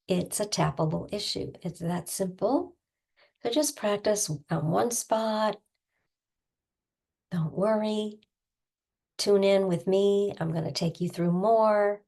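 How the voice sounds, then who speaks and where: An older woman giving a self-help tapping lesson in a gentle, encouraging manner. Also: mid-range voice. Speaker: tapping coach.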